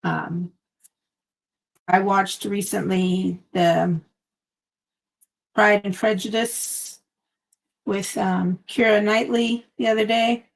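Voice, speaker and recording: A woman with a gravelly, creaky voice at an everyday middle pitch chats while she paints at home. She rambles from one thought to the next, trailing off with "um" and "like". It sounds like a phone recording at her craft table. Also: fairly even intonation, slow, pauses often. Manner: chatty, meandering, trails off with fillers. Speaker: craft channel host. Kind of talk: casual live-stream chat while crafting.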